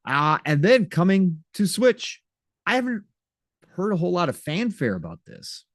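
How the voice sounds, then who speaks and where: A man's voice: high-pitched, very animated, normal speed, no echo, clean studio sound. A man co-hosting a podcast, reading out game release news in a chatty, upbeat way. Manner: chatty, upbeat, breaks into playful mock voices. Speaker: podcast co-host.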